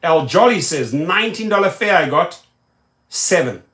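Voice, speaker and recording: A man's voice: on the high side, expressive, moderate pace, a bit bright, roomy sound. Emphatic man hosting a live stream. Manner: emphatic, repetitive chanting of words. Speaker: rideshare YouTube host. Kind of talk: live stream chat, reading viewer comments.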